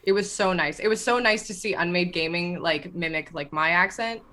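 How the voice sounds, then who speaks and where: Woman gushing and rambling in a chat, kinda low but really bright voice. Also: moderate pace. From Canada. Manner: excited, rambling, swears freely. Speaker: tabletop game player. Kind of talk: casual chat.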